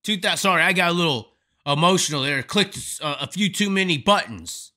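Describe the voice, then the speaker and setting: A man's voice: fairly high pitch, animated, normal speed, pushed and bright. A man hosting a live stream, delivering a profane, emphatic, rambling rant of commentary. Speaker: host.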